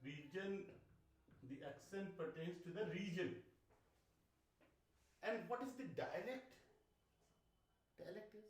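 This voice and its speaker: Lecturer in an echoey classroom. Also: male voice, sits high, lively intonation, takes it slowly, pauses often. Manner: questioning, repeats phrases, frequent "uh". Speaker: university geography lecturer. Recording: echoey classroom, speaker far from mic.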